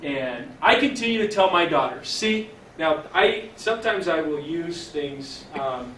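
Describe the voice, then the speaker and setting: A middle-aged man with a somewhat high voice tells a story to a church audience in an earnest, halting way. His voice rings through a roomy hall from a mic set well back. Faint hiss sits under the recording. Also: lively intonation, distant mic. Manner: earnest storyteller, drops to a hush for quoted speech; halting fillers and restarts. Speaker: chaplain.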